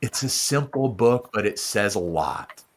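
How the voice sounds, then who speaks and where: Slow, deep-voiced emotional podcast host. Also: male voice, animated. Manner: effusive, stammers with repeated words. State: emotional, welling up. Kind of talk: casual interview chat.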